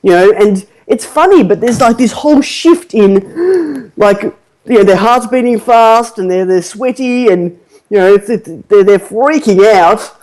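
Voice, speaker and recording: A woman hosting a marketing podcast in casual chat, animated and rambling with fillers, laughing often. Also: medium pitch, a little slow, rough recording. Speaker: podcast host, marketing coach.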